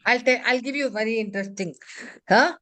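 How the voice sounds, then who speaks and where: A woman, a corporate trainer giving an interactive classroom lecture. She quizzes her class with quick questions and leans on "you know" and "huh?". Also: a little high, fairly bright tone.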